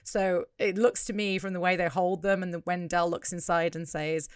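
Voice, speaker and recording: A woman's voice: fairly low pitch, level tone, normal speed, clean tone, dry recording, clean studio sound. A British woman co-hosting a podcast, picking apart the details of a scene in casual chat. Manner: careful, nitpicking detail. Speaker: podcast co-host.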